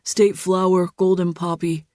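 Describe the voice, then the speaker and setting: A woman narrator voicing a literal-minded young man who repeats himself and recites facts in a flat, patient way. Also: on the low side, a little slow, no echo, studio quality, lightly acted.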